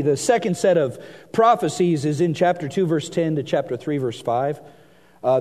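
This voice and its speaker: A man preaching a sermon, reading scripture aloud and swinging between hushed and emphatic delivery. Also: fairly high pitch. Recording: long hall reverb.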